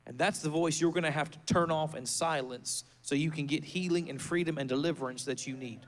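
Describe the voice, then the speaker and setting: A male pastor delivering a fervent sermon in a church, building to rousing shouts and leading the congregation in prayer. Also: on the high side, a little fast, few pauses.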